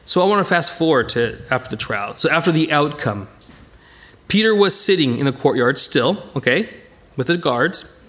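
A man leads a casual Bible study. His fairly high voice swoops up and down as he acts out the people in the story. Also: moderate pace. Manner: animated, acts out voices of the characters.

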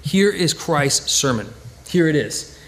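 A man with a fairly high voice preaching a sermon from the pulpit. He talks in a lively, animated way. He restarts his sentences often and fills pauses with "you know.". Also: big-room sound. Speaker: pastor.

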